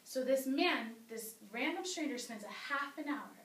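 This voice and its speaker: A woman telling a comic story live with an animated, playful delivery. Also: sits high, moderate pace. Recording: roomy, distant live-stage mic.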